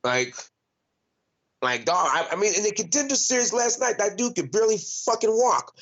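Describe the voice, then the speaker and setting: Blunt, profane young fighter on dull audio. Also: male voice, high voice, expressive, moderate pace, fairly bright tone. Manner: blunt and profane, heavy use of "like", frequent restarts. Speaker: fighter, interview guest. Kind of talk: casual interview talk. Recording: dull, lo-fi sound.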